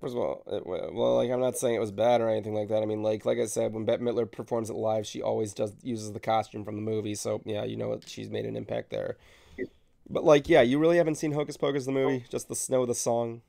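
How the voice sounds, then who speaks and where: Young male host, gravelly voice, playful and profane, casual chat. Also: lowish voice, fast. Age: 20s. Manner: teasing, animated, swears freely. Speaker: podcast host.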